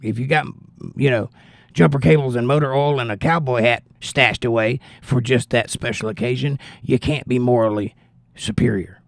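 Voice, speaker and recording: A man's voice: mid-range voice, steady tone, moderate pace, gravelly, dry recording, clean studio sound. A man hosting a live stream, giving blunt, opinionated political commentary in a casual chat style and answering viewers. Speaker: livestream host reading chat.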